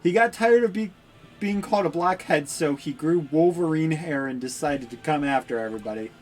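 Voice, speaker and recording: A woman's voice: sits low, brisk. A young woman streamer giving playful, laughing commentary while playing a game. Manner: playful, laughing, lively asides.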